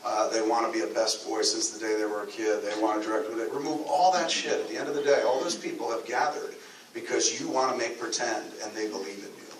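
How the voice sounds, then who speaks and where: A man's voice: lowish voice, fast talker. Profane rambling man at a live Q&A. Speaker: filmmaker answering audience questions. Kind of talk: live Q&A talk. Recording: roomy echo, distant mic, noisy ambience.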